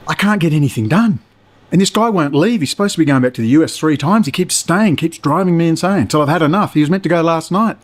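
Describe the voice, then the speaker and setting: Man ranting to camera, swearing hard. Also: a little high. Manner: heated, ranting, heavy swearing. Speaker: video blogger. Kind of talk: angry profane monologue to camera. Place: apartment indoors.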